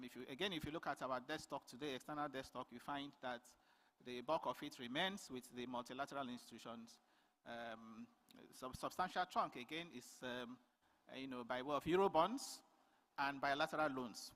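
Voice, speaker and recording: A man from Nigeria presenting a conference paper, speaking in a measured way with many fillers and restarts. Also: medium pitch, fairly bright tone. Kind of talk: formal conference talk. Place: large conference hall. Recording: long hall reverb.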